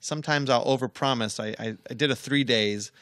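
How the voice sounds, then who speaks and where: A man's voice: mid-range voice, fairly quick, fairly bright tone, clear, resonant tone, no room sound. A middle-aged man co-hosting a casual podcast. He tells a story in a firm, easy way and swears freely. His voice sits in a middle register, close and dry on the mic. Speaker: podcast co-host.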